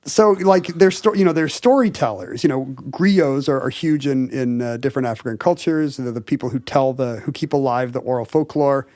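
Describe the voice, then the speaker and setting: A man's voice: mid-range voice, normal speed, few pauses, a little mellow, no room sound, clean studio sound. A man co-hosting a podcast, explaining things in casual chat with lots of fillers and restarts. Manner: enthusiastic explainer, hedges with fillers. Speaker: podcast co-host.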